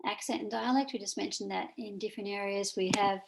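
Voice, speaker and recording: Gravelly Australian woman teaching. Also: medium pitch, fairly even intonation, quick pace, background noise. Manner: informal, pointing at slides, frequent fillers. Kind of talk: recorded lecture over slides.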